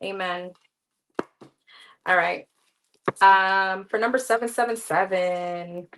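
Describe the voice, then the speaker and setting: A woman's voice: mid-range voice, steady tone, slow pace, a bit bright, a little hiss or hum, poor audio. A woman giving live tarot readings in a candid, chatty way, talking straight to her viewers. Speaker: tarot reader.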